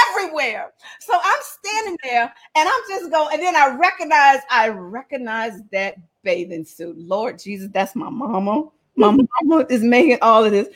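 Brief: woman vlogger, high voice, animated casual storyteller who laughs through it. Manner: animated, laughing, acts out dialogue. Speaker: vlogger telling a family story.

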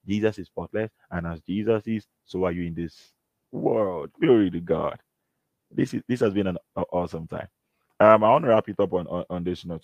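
A man's voice: sits low, a little mellow, no echo. A man preaching a sermon, earnest and emphatic, reading and quoting scripture. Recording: dull, slightly lo-fi.

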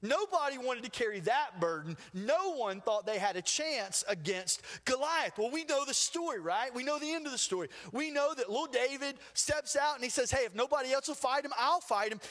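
Male pastor, high tenor, vivid storyteller, church hall reverb. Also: normal speed, hardly any pauses. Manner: storytelling, animated retelling with acted quotes. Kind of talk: sermon.

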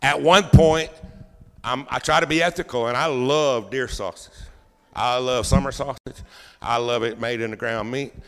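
A man pastor preaching a sermon as a folksy, animated storyteller. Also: medium pitch, normal speed, long reverb tail. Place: church sanctuary.

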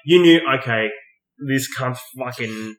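A man's voice: mid-range voice, a little slow, crowd noise. Sweary Australian man in a roomy space. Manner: sweary, laughs often. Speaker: podcast co-host. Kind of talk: casual banter. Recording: roomy echo.

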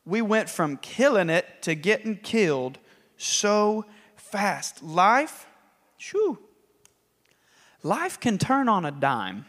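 Animated man preaching conversationally, very high voice, long hall echo. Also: slow, long pauses. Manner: animated, chatty, laughs between lines. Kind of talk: sermon.

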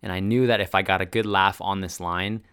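A man's voice: sits low, fairly even intonation, fairly quick, a bit bright, clear, resonant tone. A man talking over a recording of his stage performance, recalling how he played each line in a candid, self-deprecating way. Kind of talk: reflective voice-over commentary.

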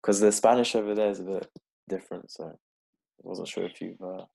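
A man hosting a casual interview, talking in a relaxed, rambling way with plenty of fillers. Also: deep voice, normal speed, creaky. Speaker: podcast host. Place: London-based.

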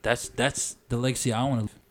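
A man's voice: medium pitch, fairly even intonation, quick pace. Man, podcast co-host, earnest, reflective, casual chat.

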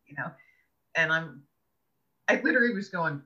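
Woman guest, earnest expressive storyteller, very bright piercing voice, dull lo-fi recording. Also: low-pitched, moderate pace. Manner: earnest, expressive storyteller who laughs between thoughts. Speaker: podcast guest, author. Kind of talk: personal storytelling in an interview. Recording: dull lo-fi audio.

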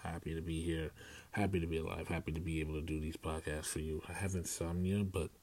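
Deep flat-voiced man hosting a podcast. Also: fast talker. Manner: rambling with many fillers and restarts. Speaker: podcast host. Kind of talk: casual solo podcast monologue.

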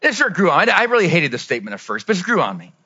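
A man preaching a lively sermon as pastor, dropping to low asides and rising to shouted peaks. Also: racing, slightly rough, dull audio.

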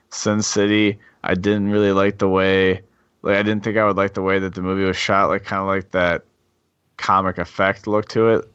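A man's voice: fairly low pitch, a bit bright, smooth, dry recording, dull audio. A man in a casual podcast chat, rambling about films with many "like" fillers.

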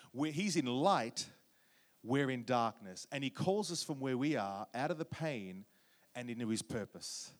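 A man preaching a sermon, warm storytelling with jokes and questions to the congregation. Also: mid-range voice. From Australia. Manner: humorous, audience-engaging storytelling. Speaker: guest preacher.

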